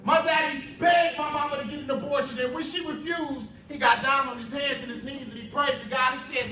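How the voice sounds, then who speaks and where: A man giving an impassioned spoken word performance at a youth summit, building rhythm through repetition and shouting at the peaks. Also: very high-pitched, steady tone, brisk, hardly any pauses. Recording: echoey hall from far off with faint ambience.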